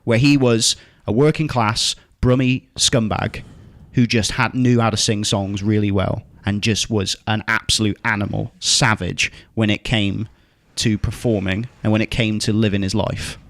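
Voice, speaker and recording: A man's voice: lowish voice, steady tone, normal speed, hardly any pauses, a bit bright, no echo. Guy arguing hard on a podcast, swears a lot, keeps repeating himself, dry close sound. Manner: passionate, swearing, emphatic and repetitive. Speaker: podcast host, debater. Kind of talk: casual debate chat.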